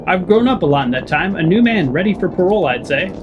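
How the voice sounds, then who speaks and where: A man reading the lines of a young male cultist in a detective game, slow and pleading. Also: high-pitched, animated, dull audio, music in the background.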